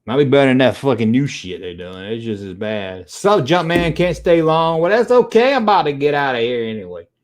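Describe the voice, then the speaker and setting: Brisk and barely pausing, a mid-range male voice carries this casual livestream. The middle-aged host is animated and profane, chatting with viewers and rambling off on tangents.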